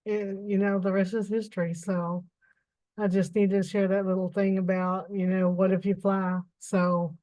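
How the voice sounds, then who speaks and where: A woman's voice: medium pitch, little pitch movement, moderate pace, mellow, low-quality recording. A woman giving a folksy, emotional personal testimony on a video call. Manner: folksy, emotional, plain-spoken. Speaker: caller.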